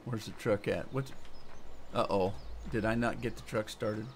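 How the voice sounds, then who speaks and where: American guy streaming a farm game, chatty, thinks out loud, talks to chat, engine noise under him. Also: fairly low pitch, steady tone, moderate pace. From United States. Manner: chatty, thinks aloud and answers viewers' chat. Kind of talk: live gameplay commentary.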